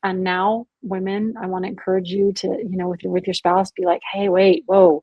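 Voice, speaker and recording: A woman's voice: mid-range voice, level tone, brisk, husky, dry recording, lo-fi sound. A married woman speaking as a podcast guest, talking candidly and earnestly in a casual, conversational way with lots of "like". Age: adult, married with children. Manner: earnest, candid, heavy use of "like". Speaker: guest, abuse survivor and author.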